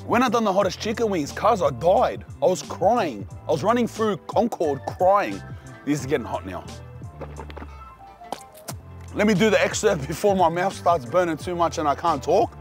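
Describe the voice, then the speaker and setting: A young man with an Australian accent hosting a casual food vlog outdoors, talking in excited slang to the viewer. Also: high voice, normal speed, soft background music. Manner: excited slangy banter, calls the viewer cuz and bro. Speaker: food vlogger host. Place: outdoors at street food trucks.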